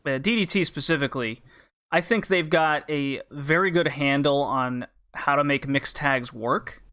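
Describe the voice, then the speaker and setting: A man's voice: fairly high pitch, moderate pace, bright, forceful tone. A man hosting a casual podcast chat, leading the talk and explaining things to his co-host. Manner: explanatory, leads the talk with questions.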